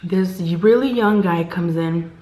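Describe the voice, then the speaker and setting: A woman's voice: on the low side, takes it slowly. Chatty woman telling a story, echoey room. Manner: chatty, animated quoting of others; drops to a hushed whisper at tense moments. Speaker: vlogger telling a work story. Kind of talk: casual storytime chat.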